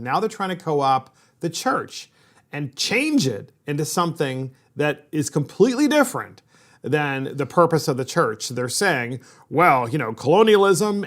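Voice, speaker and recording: Guy hosting a political podcast, slightly high voice, punchy and repetitive. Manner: emphatic, repetitive, indignant. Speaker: podcast host. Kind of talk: political commentary chat.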